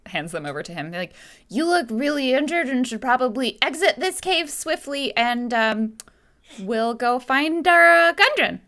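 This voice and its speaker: A woman's voice: high voice, animated, normal speed, sharp tone. A woman playing a tabletop game, playful and describing her character's actions. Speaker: player.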